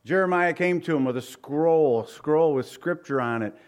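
A man's voice: fairly high pitch, moderate pace. A man teaching a sermon in a casual, digressive way, reading scripture aloud and asking the listeners rhetorical questions. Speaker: pastor. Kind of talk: conversational Bible teaching.

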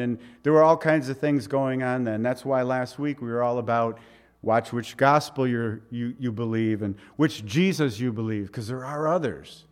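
A man's voice: medium pitch, a little mellow. A man preaching a verse-by-verse sermon, conversational and emphatic, with off-hand asides and touches of sarcasm. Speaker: pastor. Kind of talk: expository sermon.

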